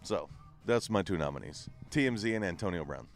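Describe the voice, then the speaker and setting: Fast-talking podcast host from Iowa. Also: male voice, low-pitched, animated, faint music behind. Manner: brisk, teasing. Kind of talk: casual comedic chat. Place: bar.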